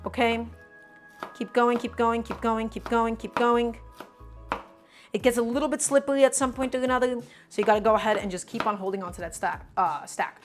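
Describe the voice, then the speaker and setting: A woman with a slightly high voice runs a live cooking lesson from her home kitchen. She talks easily and constantly, walking viewers through each step and calling them "guys" as she coaches them along. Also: a little fast, faint music behind. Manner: chatty and coaching, addresses the audience as "guys" and repeats "go ahead". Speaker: cooking streamer. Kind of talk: live cooking stream, chatting with viewers while prepping.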